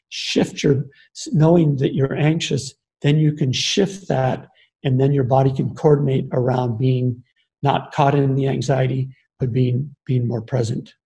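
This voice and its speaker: An older man, a grandfather, giving an earnest, explanatory talk on leadership and the body, often pausing with ums and restarting phrases. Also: mid-range voice, vocal fry, dark tone, low-quality recording. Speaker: speaker on embodied leadership. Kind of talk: reflective talk.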